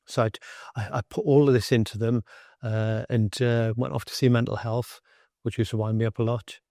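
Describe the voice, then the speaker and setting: A middle-aged man, a former Royal Marine, candidly recounting his experiences in a blunt, animated way. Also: medium pitch, moderate pace, no echo, studio quality. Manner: blunt, animated, swears freely. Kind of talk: candid personal storytelling.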